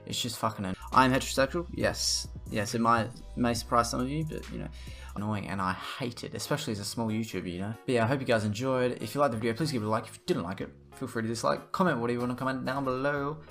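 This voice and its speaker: A man's voice: mid-range voice, fast, a bit bright, soft background music. A young man rants to camera in a blunt, profane, rambling way. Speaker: vlogger. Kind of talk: casual ranting to camera.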